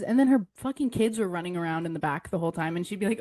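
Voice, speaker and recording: Mellow-voiced young woman telling candid stories. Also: medium pitch, lively intonation, rapid-fire, no room sound. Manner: candid storytelling, many "like"s, mimics others in quotes. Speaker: podcast co-host. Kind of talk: casual chat.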